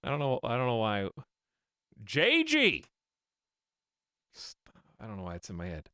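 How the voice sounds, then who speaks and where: A man's voice: lowish voice, fast talker, clean tone, no echo, clean studio sound. A man streaming a video game, chatting casually and thinking aloud as he plays, often laughing at his own jokes. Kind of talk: casual gameplay commentary.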